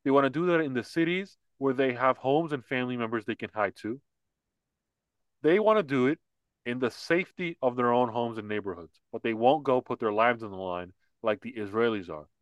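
A man's voice: mid-range voice, brisk, dry recording, highs cut off. A man co-hosting a casual political podcast, talking in a heated, repetitive rant. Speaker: podcast co-host.

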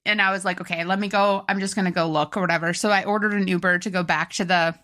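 A young woman co-hosting a casual podcast, telling a story with animated, laughing retellings of what people said. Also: lowish voice, fast talker. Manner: animated, laughing, acts out quotes loudly. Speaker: podcast co-host.

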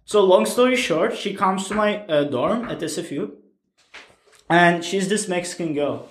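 A young man from Turkey telling stories as a podcast guest in casual chat, animated and ending lines with a questioning "right?". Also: sits high, unhurried. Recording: echoey room.

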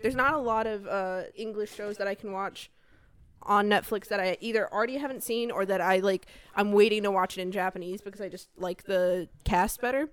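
A woman's voice: mid-range voice, brisk, clear, resonant tone, dry recording. A woman co-hosting a podcast in casual chat, rambling, swearing and laughing often. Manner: rambling, giggly, profane. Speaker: podcast co-host. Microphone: podcast mic.

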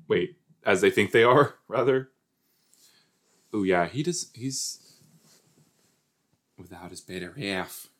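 A man hosting a casual watch-along podcast, talking playfully to his listeners. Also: fairly low pitch. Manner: playful, giggly, talks to listeners as "you guys". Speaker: podcast host.

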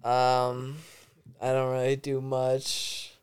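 Swearing young man with a smooth voice. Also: medium pitch, monotone, very slow. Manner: rambling, heavy swearing, laughs often. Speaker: podcast guest. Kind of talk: casual storytelling.

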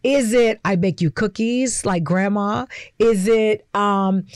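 A woman's voice: mid-range voice, takes it slowly, darkish tone, dry recording. Candid storytelling woman, dry close sound. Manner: candid, storytelling with quoted voices. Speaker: co-host. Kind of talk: casual chat over drinks.

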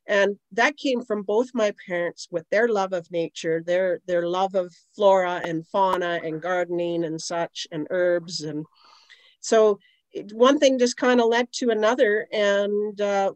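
The speaker is a middle-aged Canadian woman, an aromatherapist appearing as a guest on an interview podcast. She speaks at a measured pace in a mid-range voice, rambling conversationally with many asides and "you know"s. The audio is dry and low-quality.

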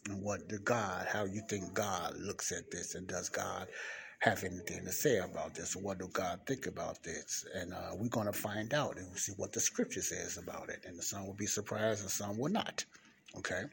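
A man giving a rambling, informal Bible teaching, talking low and close to the mic in a library study room. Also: moderate pace, vocal fry, fairly bright tone. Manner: rambling, repeats words, talks low. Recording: faint traffic and room noise.

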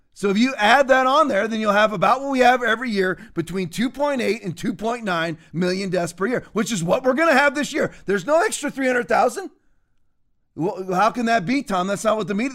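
A man's voice: high-pitched, fairly bright tone. A man hosting a heated political commentary, ranting emphatically and sarcastically while quoting Bible verses. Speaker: host.

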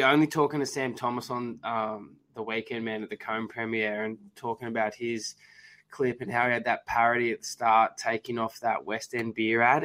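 A man's voice: medium pitch, a bit bright. Laid-back Australian man hosting. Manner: laid-back, chatty, swears casually. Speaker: podcast host. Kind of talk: casual chat.

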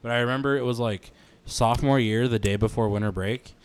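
A young man co-hosting a casual podcast, cracking quick jokes and telling long stories. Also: mid-range voice, slight background noise. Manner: jokey quips, long, detailed anecdotes. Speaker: podcast co-host. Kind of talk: casual storytelling chat.

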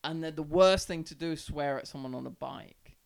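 A young South East London man, a podcast guest, rambles through a story in casual chat, swearing heavily and leaning on "like" as filler. His voice sits on the high side, is creaky in quality, and moves a little fast.

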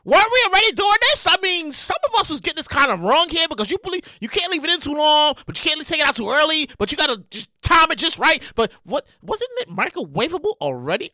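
A woman hosting a comedic news podcast, talking in a loud, exasperated and animated way, swearing and repeating herself. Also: high voice, quick pace, few pauses, dry recording. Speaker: podcast host.

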